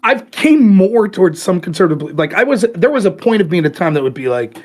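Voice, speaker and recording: A man's voice: high voice, big pitch swings, a little fast, few pauses. A man hosting a podcast, talking politics in a casual, profane, argumentative way. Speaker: podcast host.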